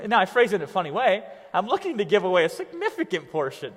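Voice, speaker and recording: A man teaching an online business lesson in a lively, conversational way, checking in with "right?" over and over. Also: sits high, quick pace, long reverb tail. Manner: animated, conversational, keeps asking "right?". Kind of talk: coaching lesson.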